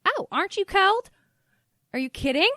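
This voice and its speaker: A woman's voice: very high-pitched, sing-song, normal speed, pushed and bright, dry recording, studio quality, pitched above the performer's own voice, exaggerated voice. A woman putting on a Southern accent to voice her flustered, chatty middle-aged mother. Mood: alarmed. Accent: Southern US, put on.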